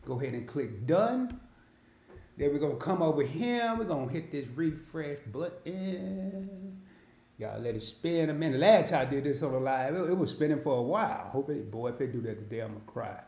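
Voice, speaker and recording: A middle-aged man talks through an app in a loose, slangy, self-joking way. His voice sits a little high and swings up and down a lot, and the room around him rings with echo. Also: expressive, moderate pace, warm tone. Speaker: investing channel host. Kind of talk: casual screen-share walkthrough.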